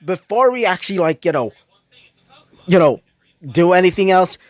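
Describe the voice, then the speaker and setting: A man's voice: sits high, animated, normal speed, no echo. A man doing a brash, swearing young woman. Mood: demanding.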